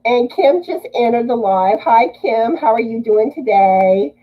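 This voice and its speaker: A woman's voice: on the high side, expressive, a little slow, dull audio. A woman from Louisiana hosting a casual livestream, greeting viewers and reading their comments aloud.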